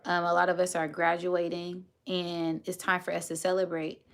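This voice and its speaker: A woman's voice: lowish voice, completely flat delivery, moderate pace, creaky. Chatty woman livestreaming. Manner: chatty, thanks viewers often, says y'all. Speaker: spiritual livestream host. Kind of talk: casual livestream chat to viewers.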